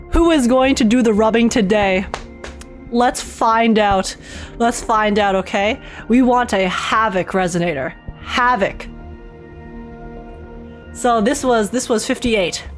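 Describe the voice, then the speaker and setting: A woman streaming live, reacting excitedly to game pulls and chatting with viewers. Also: on the high side.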